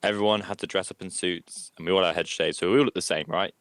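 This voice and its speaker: A man co-hosting a podcast, telling self-mocking stories in a casual, animated way and swearing freely. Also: low voice, quick pace, no room sound. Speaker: podcast co-host. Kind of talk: casual chat.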